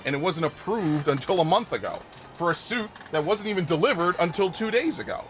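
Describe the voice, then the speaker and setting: A man with a high, expressive voice talks a little fast over faint background music. He's live-streaming a video game and ranting angrily, swearing heavily and stumbling into repeated restarts as he commentates.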